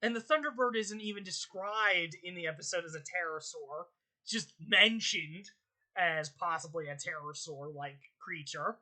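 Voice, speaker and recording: A young woman hosting her channel, ranting in casual commentary, exasperated and swearing, her voice jumping high in outbursts. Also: normal speed, sharp tone. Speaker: channel host.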